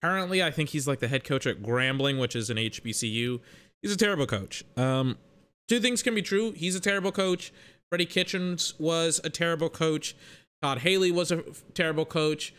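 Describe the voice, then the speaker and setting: A man's voice: a little high, moderate pace, a bit bright, clean tone. A young man in a casual, rambling sports rant that is profane and full of self-corrections.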